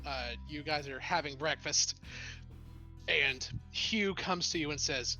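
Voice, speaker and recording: Game master guy, jokey, laughs a lot, bright forceful voice. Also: fairly high pitch, slow, faint music behind. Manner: playful, laughing often. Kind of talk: narrating a tabletop game.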